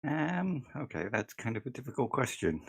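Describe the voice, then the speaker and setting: A man's voice: mid-range voice, big pitch swings, normal speed, vocal fry, husky. A man as a guest in a casual chat, going off on tangents and swearing.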